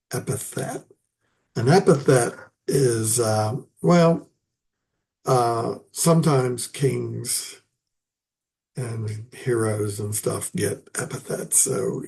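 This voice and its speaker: Slow, gravelly man lecturing on poetry. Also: mid-range voice, a little mellow. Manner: halting, many fillers and restarts, chuckles at his own asides. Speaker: literature teacher.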